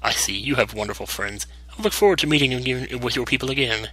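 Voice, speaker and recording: A man voicing a wise, gentle old male sage who speaks in a solemn, measured way. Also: mid-range voice, no room sound, rough recording.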